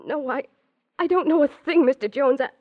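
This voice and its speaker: A woman's voice: high-pitched, moderate pace, lightly acted. An actress playing a nervous, fluttery young woman secretary in 1940s radio acting style. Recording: dull old radio recording.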